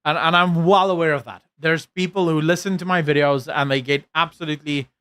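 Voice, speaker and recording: A South African man streaming and reading his chat aloud. His voice sits a touch high, and his accent leans American. He rambles in a loose, self-mocking way, full of ums and restarts. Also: steady tone, a little fast, fairly bright tone, clear, resonant tone, no echo. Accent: South African with an American-leaning lilt. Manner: rambling, self-deprecating, many fillers and restarts. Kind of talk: casual live-stream chat.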